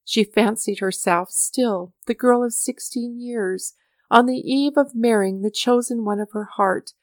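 A woman reading a story aloud as narrator, with measured, mournful storytelling. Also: mid-range voice, dry recording, studio quality. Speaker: audiobook narrator. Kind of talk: scripted narration.

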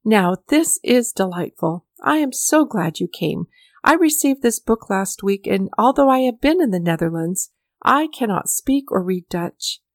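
A woman narrator voices a kindly, genial old poet, a warm host who chats eagerly to please his young guest. His animated lines sit a little higher and livelier than the narration, at a measured pace, in a dry, close storybook recording.

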